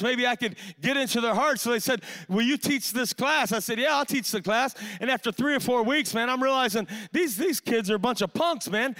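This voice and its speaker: A man's voice: extremely high pitch, bright, forceful tone. A male pastor, preaching a sermon in an impassioned, storytelling way with lots of "man" fillers.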